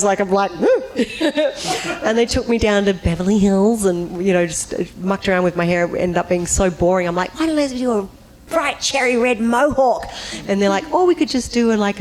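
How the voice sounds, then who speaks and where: A woman on a convention panel telling an animated anecdote, acting out voices and breaking into high, laughing squeals. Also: slight background noise, poor audio.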